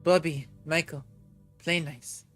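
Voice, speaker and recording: An older woman with a heavy Russian accent gently scolds two bickering old friends, voiced by a man in a game playthrough. The delivery stays soft and a touch quiet. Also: on the high side, fairly even intonation, slow pace, music in the background. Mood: chiding.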